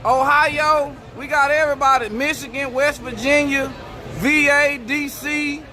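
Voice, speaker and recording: A man hosting a racing channel at an outdoor drag strip, chatting casually and excitedly as he reads out viewer shoutouts. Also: very high-pitched, a little slow, a faint crowd. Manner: loose, excited hype talk, rattling off viewer locations. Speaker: racing channel host filming trackside. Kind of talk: casual livestream-style shoutouts.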